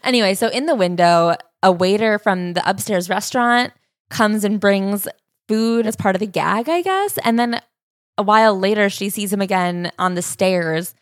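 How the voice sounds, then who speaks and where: A woman co-hosting a casual chat, retelling a memoir with wry, deadpan asides. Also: mid-range voice, normal speed, no room sound, clean studio sound. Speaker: podcast co-host.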